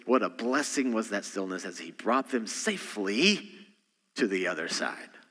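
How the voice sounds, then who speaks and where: A bright, forceful male pastor delivering a sermon, his voice ringing through a church hall with long reverb. He swings from loud, punchy emphasis down to hushed, intimate asides. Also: on the low side, big pitch swings, normal speed. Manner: dynamic preaching, swings between loud emphasis and quiet asides. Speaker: senior pastor.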